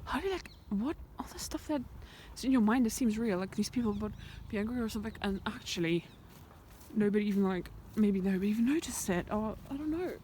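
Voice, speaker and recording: A woman's voice: medium pitch, expressive, fast talker, warm tone, a little hiss or hum. Rambling woman vlogging outdoors. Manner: rambling, thinking aloud, often drops to a whisper. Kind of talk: reflective walking vlog. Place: outdoors in the countryside by a fence. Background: birds and sheep in the open air.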